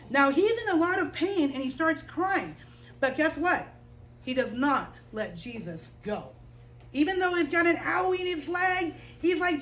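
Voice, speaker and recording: High-voiced, playful woman telling kids' bible stories. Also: a little slow, rough recording. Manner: expressive, playful, asks the kids questions. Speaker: children's chapel teacher. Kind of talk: animated bible storytelling for children.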